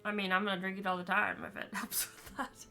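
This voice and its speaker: A woman's voice: medium pitch, flat delivery, a little fast, sharp tone, soft background music. A woman chatting casually and rambling as she streams a story game, laughing often. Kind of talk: casual chat while gaming.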